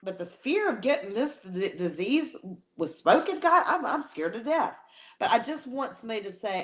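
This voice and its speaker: A woman's voice: a little high, very animated, moderate pace, a little hiss or hum. A middle-aged woman co-hosting a live chat, talking in a heartfelt way that repeats phrases, with playful teasing. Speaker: co-host.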